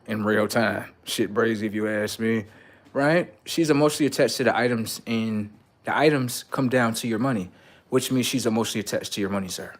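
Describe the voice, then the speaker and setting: A man livestreaming blunt, profane relationship advice, lecturing viewers as "sir" and swinging between loud outbursts and low mutters. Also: fairly quick. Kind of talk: casual livestream monologue.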